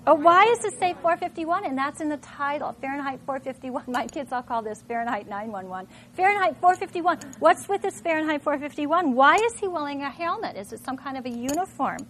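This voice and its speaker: High-voiced animated woman teacher. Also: a little fast, few pauses, a little hiss or hum. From Minnesota. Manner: animated, thinks aloud with rhetorical questions. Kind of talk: classroom demonstration talk.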